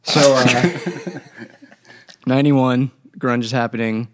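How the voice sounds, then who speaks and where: A man's voice: mid-range voice, steady tone, slow pace. A man hosting a casual band podcast, telling music history in a rambling way and laughing often. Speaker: band member podcast host. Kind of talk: casual chat.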